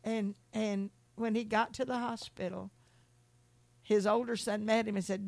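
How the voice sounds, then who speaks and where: Gravelly middle-aged woman preaching. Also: steady tone, measured pace, dry recording. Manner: rambling, repeats words and restarts, laughs between stories; rises high and loud when preaching about God. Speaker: speaker giving a testimony talk. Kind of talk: sermon-style storytelling.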